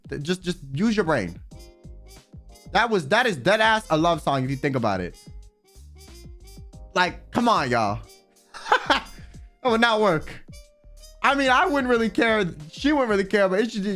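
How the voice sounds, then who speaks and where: A young man chatting casually on a livestream, telling a story with lots of swearing and sudden high yelps. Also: very animated, normal speed, long pauses, fairly bright tone, faint music behind. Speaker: streamer. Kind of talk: casual stream chat.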